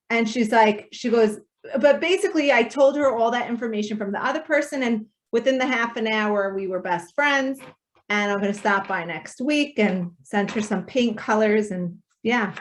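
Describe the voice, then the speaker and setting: A woman's voice: fairly high pitch, normal speed. Chatty woman telling a call story. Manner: chatty, quotes both sides of the call. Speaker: real estate agent sharing a call story. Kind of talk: casual storytelling on a video call.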